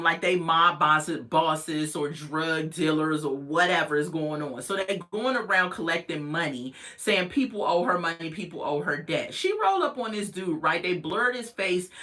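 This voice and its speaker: A woman's voice: lowish voice, sharp tone. A woman, recapping a reality show in a chatty, sassy, incredulous way with colloquial asides.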